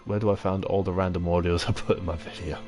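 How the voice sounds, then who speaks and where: A young British man with a low, deep voice, reading chat comments on a live stream in an easygoing way. He swears freely and laughs along with his viewers. Music plays clearly behind him. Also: level tone, fast, darkish tone. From Britain. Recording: music playing in the background.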